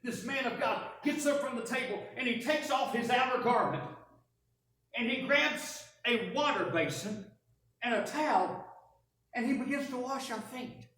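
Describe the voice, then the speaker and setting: A woman preaching a first-person dramatic sermon, telling the story in an animated, wry way. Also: fairly high pitch, moderate pace. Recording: echoey church from a distance.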